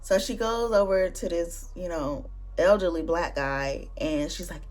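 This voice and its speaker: A woman's voice: lowish voice, measured pace, faint music behind. Chatty slangy woman telling a story. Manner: animated, slangy, conversational storytelling. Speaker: booktuber vlog host. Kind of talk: casual storytime chat.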